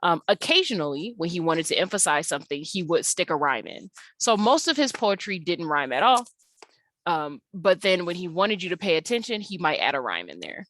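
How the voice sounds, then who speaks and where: A woman's voice: lowish voice, sing-song, fairly quick, fairly bright tone. A woman teaching an English class in a recorded slide tutorial, explaining casually with lots of fillers and restarts.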